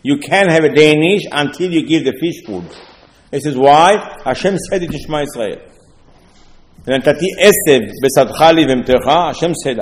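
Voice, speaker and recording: A man's voice: a little high, slight background noise. A man with preaching a sermon, telling stories with asides and rhetorical questions. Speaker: rabbi. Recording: long hall reverb.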